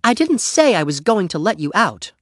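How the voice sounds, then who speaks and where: A reproachful, unimpressed girl from a storybook, as a male narrator puts her on. Her voice is lifted above his own and delivered with measured coolness, close and dry. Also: sits high, very animated, a bit bright, no room sound, voice pushed up, exaggerated voice. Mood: cool.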